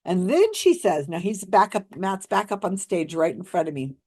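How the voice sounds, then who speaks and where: A woman telling a story in a casual commentary, wry and lively, often acting out the lines of the people she describes. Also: lowish voice, moderate pace, breathy edge. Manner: animated retelling, acts out quoted lines. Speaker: skeptical commentator on psychics.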